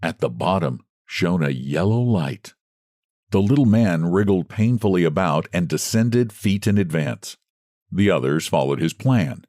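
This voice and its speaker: Low-voiced man reading a story aloud. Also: a little slow, no echo, studio quality. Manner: expressive storytelling delivery. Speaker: narrator.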